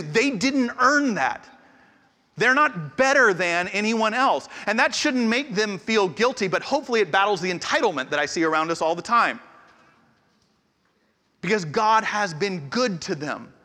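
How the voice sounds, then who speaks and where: A middle-aged man preaching with a high, bright, forceful tone. He talks conversationally and pokes fun at himself, then hits his points hard. His voice rings through a long, echoing hall. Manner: conversational, self-deprecating, animated with emphatic outbursts. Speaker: pastor. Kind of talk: sermon with storytelling.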